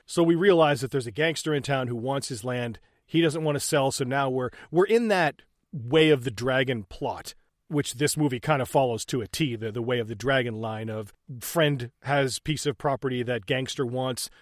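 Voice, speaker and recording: A man's voice: moderate pace, no echo, clean studio sound. A man co-hosting a casual movie recap, swearing and joking and putting on silly voices for the characters. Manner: profane, jokey, recaps scenes and acts out characters in high silly voices. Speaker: podcast co-host.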